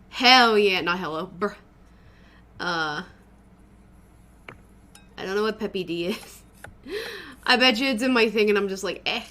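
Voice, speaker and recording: A woman's voice: mid-range voice, sharp tone. A woman streamer chatting casually to her live audience, loose and sweary, often laughing.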